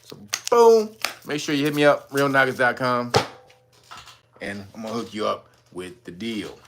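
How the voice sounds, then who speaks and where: A man hosting a casual news commentary stream, talking in a profane, animated way and often laughing. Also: mid-range voice, moderate pace, heavy background noise. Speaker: channel host.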